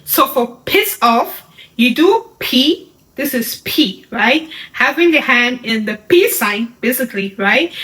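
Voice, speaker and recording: A woman's voice: high-pitched, a bit bright, rough recording. A woman teaching a beginner sign language lesson, patient and step by step, often checking in with "right?". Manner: slow, patient step-by-step instruction with frequent "right?".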